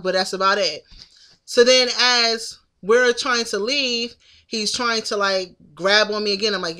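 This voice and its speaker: A woman's voice: mid-range voice, moderate pace, sharp tone. A woman in her thirties telling a story to the camera in a casual, indignant venting monologue. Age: 30s. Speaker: vlogger.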